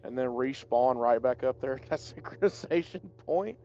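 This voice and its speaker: Man, tabletop player, casual gaming chat, wry and opinionated, mellow voice, dull lo-fi audio. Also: mid-range voice, normal speed, slight background noise. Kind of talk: casual chat about video games.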